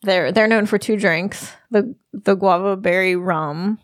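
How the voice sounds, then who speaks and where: A woman's voice: medium pitch, measured pace, dry recording, studio quality. A middle-aged woman telling a travel story in casual chat, giggling often as she talks. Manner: giggly, laughs often while telling stories. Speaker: podcast co-host.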